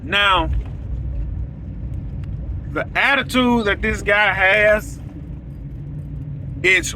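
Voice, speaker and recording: A man's voice: high voice, animated, slow, pauses often, sharp tone, slight background noise, poor audio. A man, a welder hosting his own show, telling a story straight to his viewers in a blunt, preachy way. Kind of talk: casual storytelling monologue to viewers.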